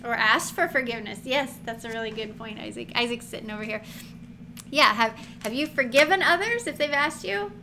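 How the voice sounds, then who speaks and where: High-voiced woman teaching Bible, chatty. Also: a little fast. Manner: chatty, animated, laughs often, acts out quotes. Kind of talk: casual Bible teaching to camera. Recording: noticeable background noise.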